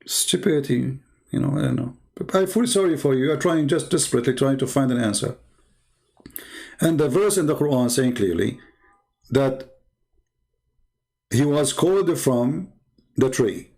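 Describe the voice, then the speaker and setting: A man's voice: medium pitch, expressive, normal speed, creaky, pauses often, darkish tone. A man with an Arabic accent hosting a live online debate, mocking his opponents with a string of rhetorical questions. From Arab world. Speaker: debate channel host.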